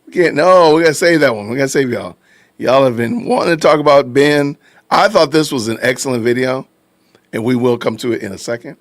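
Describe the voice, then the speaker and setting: Guy hosting a live podcast, animated, dry close sound. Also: mid-range voice, fairly quick, no echo. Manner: animated, addresses chat casually. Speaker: podcast host. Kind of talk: livestream commentary.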